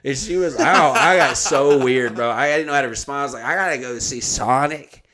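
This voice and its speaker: Crude, animated male storyteller. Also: medium pitch, brisk, a crowd in the background. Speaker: comedian host. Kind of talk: casual storytelling chat.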